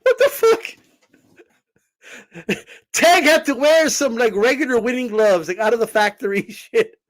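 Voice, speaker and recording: A man hosting boxing commentary, ranting in a casual, profane, incredulous way and bursting into shouts. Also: extremely high pitch, lively intonation, measured pace. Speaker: boxing commentator, channel host.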